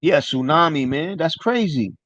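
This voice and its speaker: A man's voice: on the high side, expressive, normal speed, a bit bright, no room sound. New man, casual livestream chat, profane, rambling, dry dull lo-fi sound. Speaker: livestream host.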